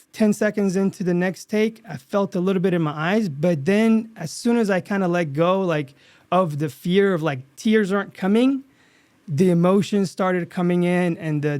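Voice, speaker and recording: An actor guest in a casual interview tells a story from a set, his high-pitched, slightly raised voice earnest and animated. As his feelings catch up with him he often restarts sentences, and the recording is dry and close, like a podcast mic with no room around it.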